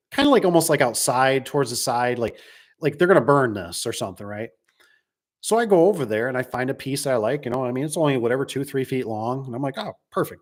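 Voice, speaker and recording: A man who installs garage doors, telling rambling work stories in a casual, chatty way, with "right?" and "you know" scattered through. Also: medium pitch.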